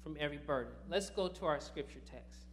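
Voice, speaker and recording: A man's voice: a little high, lively intonation, fairly quick, fairly bright tone, slight background noise. A man preaching a sermon in church, talking casually and then rising into emphatic bursts.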